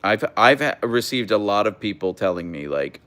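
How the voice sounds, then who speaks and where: A young man hosting a casual livestream, chatting and reading out viewer comments in a relaxed way. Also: on the low side, normal speed. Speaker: livestream host reading chat. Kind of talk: casual live chat.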